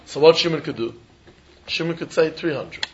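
Man, Talmud class teacher, lilt, fairly high voice, dull lo-fi recording. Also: normal speed. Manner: sing-song study-hall explaining, acting out both sides of a deal. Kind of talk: animated Talmud class lecture.

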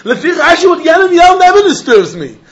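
A man's voice: extremely high pitch, big pitch swings, quick pace, lo-fi sound, crowd noise. A man teaching a Talmud class, repeating points with emphatic sing-song delivery and mixing in Yiddish and Hebrew terms.

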